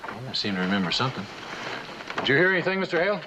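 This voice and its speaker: An actor in a 1950s western playing a teasing trail companion. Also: male voice, mid-range voice, sing-song, rapid-fire, noisy background, natural voice. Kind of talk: 1950s film acting. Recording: film soundtrack with music under it.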